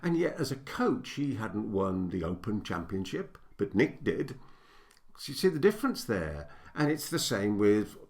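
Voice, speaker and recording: A man's voice: fairly low pitch, big pitch swings, measured pace, a little mellow. An older man, a business coach, giving a direct-to-camera teaching talk, stressing his points and building them in repeated lists.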